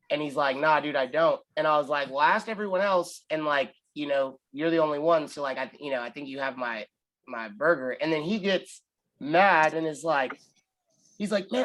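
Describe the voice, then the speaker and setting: A man's voice: a little high, fairly bright tone, low-quality recording. A man, rambling casually through a story, full of "like" and acted-out quotes. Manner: rambling, lots of "like", acts out quotes. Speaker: podcast co-host telling a story.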